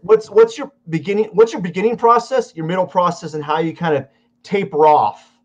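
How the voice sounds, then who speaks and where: A man's voice: high-pitched, brisk. Playful male host, dull lo-fi audio. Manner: playful, stammering restarts. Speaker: interview host and art teacher. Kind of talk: casual interview.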